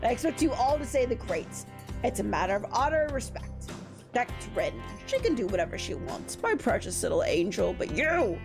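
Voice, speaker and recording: Woman doing an old demon samurai grandfather, pompous, protective, haughty, lively swooping delivery. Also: a little high, brisk, over music. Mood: doting. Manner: haughty, threatening, doting.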